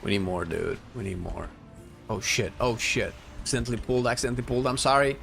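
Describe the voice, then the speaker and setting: A man giving casual commentary while playing a game, animated and swearing as he plays. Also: medium pitch, fast, gravelly, soft background music. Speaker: gaming streamer.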